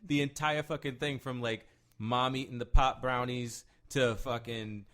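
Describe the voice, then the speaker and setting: A man's voice: mid-range voice, fairly even intonation, a little slow, fairly bright tone. A man co-hosting a podcast, ranting casually and profanely about a disappointing movie. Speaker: podcast co-host.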